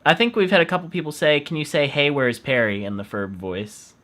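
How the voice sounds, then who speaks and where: A man's voice: on the high side, a little fast, fairly bright tone. A man hosting an online interview, asking questions in a friendly, chatty way and laughing easily. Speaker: interview host. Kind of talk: casual interview chat.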